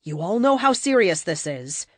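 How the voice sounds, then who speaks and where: A woman's voice: lowish voice, very animated, moderate pace, slightly rough, no echo, studio quality. Woman doing a firm, no-nonsense heroine. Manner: firm and direct. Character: firm, caring telepathic team leader woman.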